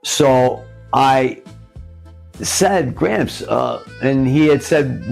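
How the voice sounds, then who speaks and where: A man in his seventies retelling an old memory in a plain, halting way, as an interview guest. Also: mid-range voice, animated, gravelly, darkish tone, soft background music, low-quality recording. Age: 70s. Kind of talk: casual storytelling interview.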